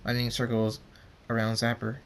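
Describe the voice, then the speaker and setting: A man's voice: medium pitch, monotone, moderate pace, fairly bright tone. A man reading his pony fan story aloud as narrator, in a plain way with some stumbles over words.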